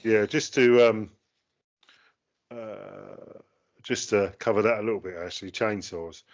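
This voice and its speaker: A man with a lowish voice chats casually as co-host, loose and unhurried. He fills his talk with ums, restarts and British slang. The sound is dull and lo-fi. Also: fairly even intonation, gravelly. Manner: chatty, British slang, many fillers and restarts. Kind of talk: casual chat.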